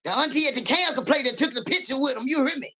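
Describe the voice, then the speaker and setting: Quick and high, with a bright, forceful tone, a woman talks through a casual livestream as a psychic reader. Expect profane street slang, viewers named directly, constant "you hear me," and a cough or throat-clearing here and there.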